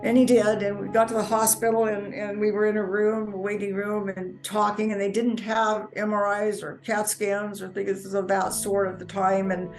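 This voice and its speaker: A woman telling her personal life story in earnest, halting speech, often repeating words as she goes. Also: medium pitch, level tone, a little mellow, soft background music, poor audio. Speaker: near-death experience storyteller. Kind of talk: personal testimony.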